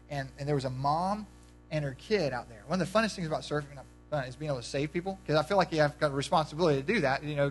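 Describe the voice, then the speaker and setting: A male pastor preaches in a loose, conversational way, breaking into stories and asking his congregation questions. He talks quickly in a slightly raised pitch. Faint music plays underneath. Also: fairly bright tone, rough recording. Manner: conversational, storytelling, addresses the congregation directly. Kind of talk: sermon.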